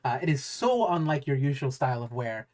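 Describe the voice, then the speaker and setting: A man's voice: medium pitch, big pitch swings, brisk, a little mellow. A man narrating as game master of a tabletop game, rambling and searching for words with many fillers.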